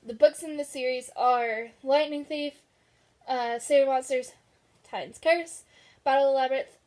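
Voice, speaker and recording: A woman's voice: sits high, normal speed, noisy background. A young woman vlogging about books in casual chat, chatty and gushing, laughing often. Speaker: book vlogger.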